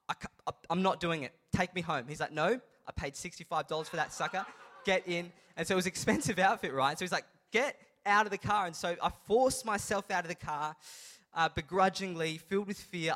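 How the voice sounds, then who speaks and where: A young man preaching to a youth group, his voice sitting high and carrying through a reverberant hall. He tells his story with lively energy and then pushes into emphatic, rallying points. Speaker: youth pastor. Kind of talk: sermon.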